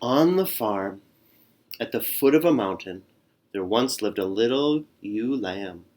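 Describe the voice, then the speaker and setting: A man's voice: on the low side, unhurried. Man reading a picture book aloud. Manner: expressive, adds sound effects. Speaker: storyteller.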